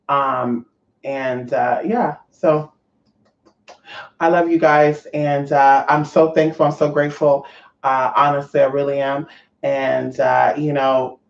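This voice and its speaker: A woman's voice: low voice, darkish tone. A woman vlogger talking to her viewers in a brash, profane, rambling rant. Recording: roomy, dull lo-fi sound.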